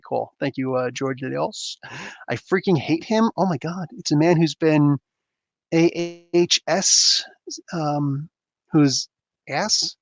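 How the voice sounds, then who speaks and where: A man's voice: fairly high pitch, fairly bright tone, no room sound. A man hosting a casual livestream, rambling and chuckling as he reacts to chat comments. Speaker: livestream host reading chat.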